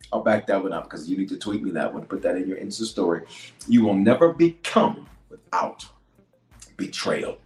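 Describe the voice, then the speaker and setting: A bishop with a fairly low voice delivers a sermon on leadership, repeating key lines for emphasis. He swings between loud declarations and hushed asides, and the room echoes with faint music in the background.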